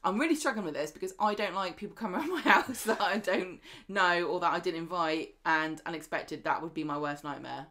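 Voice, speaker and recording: A woman's voice: on the low side, fairly quick, few pauses, fairly bright tone. A woman co-hosting a podcast, chatting casually and acting out characters' lines as she retells the plot. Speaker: podcast co-host. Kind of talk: casual chat recapping a soap.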